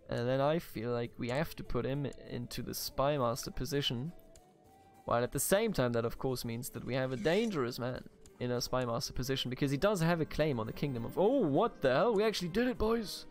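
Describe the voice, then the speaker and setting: A man giving casual, playful gameplay commentary as a let's play host, reading event text aloud and swearing casually. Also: medium pitch.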